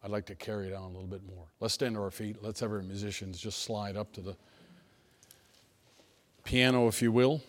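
A pastor preaching a sermon to his church, telling personal stories in a folksy manner that swings between hushed asides and emphatic lines. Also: lowish voice, steady tone, brisk, pauses often. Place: church sanctuary.

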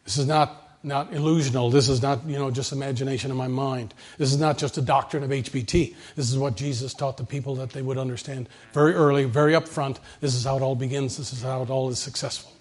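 Husky male preacher. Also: medium pitch, steady tone, quick pace, few pauses. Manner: emphatic, repetitive preaching cadence. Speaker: pastor. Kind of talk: sermon.

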